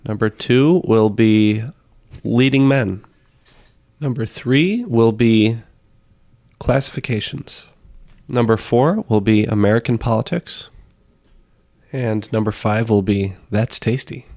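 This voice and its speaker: A man with a low, gravelly voice, raspy and hoarse from illness. He reads trivia questions and categories as a podcast quizmaster. The sound is close and dry, with no room echo. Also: slow, long pauses, darkish tone. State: sick, hoarse voice.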